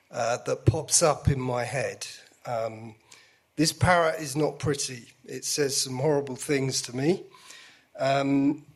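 Husky, self-deprecating man. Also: medium pitch. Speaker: guest. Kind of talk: candid conversation.

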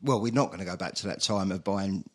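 A man's voice: low voice, fast. A man guest on a football podcast, speaking plainly and matter-of-factly. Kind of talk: casual football fan chat.

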